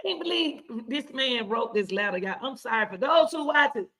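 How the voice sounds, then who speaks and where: A woman hosting casual reaction commentary, excitable and chatty, repeating herself often. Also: fairly high pitch, moderate pace. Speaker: commentary host.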